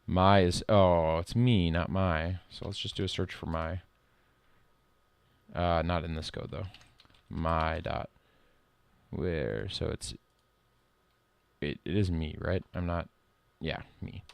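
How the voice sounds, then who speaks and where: A middle-aged man streaming live code work, reading lines aloud and thinking out loud in a casual way. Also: sits low, fairly even intonation, slow pace, creaky, long pauses, clear, resonant tone, no echo. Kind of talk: casual live-coding commentary.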